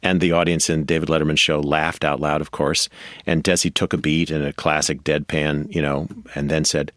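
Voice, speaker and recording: Deep-voiced man telling a story. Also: steady tone, fairly quick, a bit bright, no room sound, clean studio sound. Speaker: guest author. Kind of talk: radio interview.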